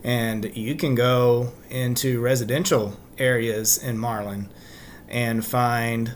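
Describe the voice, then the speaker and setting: A man joins a casual history chat and adds local detail at an easy, thoughtful pace. A faint low hum sits behind his voice. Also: fairly even intonation, slow pace.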